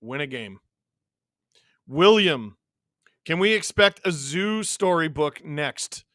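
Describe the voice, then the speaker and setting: A man from Canada hosting a live hockey watch-along, mixing excited play-by-play with reading chat messages and shouting on big plays. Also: a little high, slow pace, dry recording, studio quality. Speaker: livestream host watching a hockey game.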